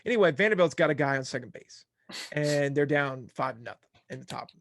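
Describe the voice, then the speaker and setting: A young man hosts a casual sports podcast, rattling off game results in a jokey, scattered way. His voice is a little high, expressive, brisk and gravelly, with studio-quality sound and no echo.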